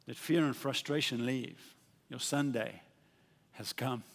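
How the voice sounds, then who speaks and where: A man preaching a sermon with passion, swinging from soft, quiet asides to loud, ringing declarations. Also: mid-range voice, slow pace, vocal fry. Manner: impassioned, rising to exclamations then dropping to soft asides. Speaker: pastor. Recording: long reverb of a large hall.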